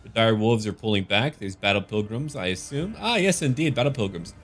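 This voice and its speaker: A man's voice: on the low side, animated, a little fast, a bit bright, faint music behind. A man giving casual, jokey commentary over a strategy game battle. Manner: goofy, jokey, slips into silly voices. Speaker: gaming YouTuber.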